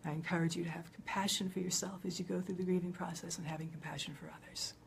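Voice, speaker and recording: A woman speaking gentle guidance straight to the viewer, often dropping into a near whisper and growing more emphatic at times. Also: on the low side, steady tone, quick pace, vocal fry, a little hiss or hum. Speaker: speaker of a public service video. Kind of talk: soothing spoken guidance to the viewer.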